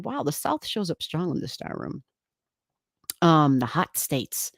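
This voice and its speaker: A woman's voice: on the low side, expressive, unhurried, dry recording, studio quality. A woman hosting an astrology livestream, chatting casually and rambling as she greets viewers and reads comments, laughing often and swearing lightly. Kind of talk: casual live-stream chat reading viewer comments.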